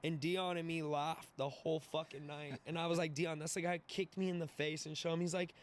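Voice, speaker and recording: A young man in his twenties, a podcast guest telling a wild story in an animated, profane way, laughing and acting out the voices. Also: on the high side, fairly quick, a little hiss or hum. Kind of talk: casual storytelling.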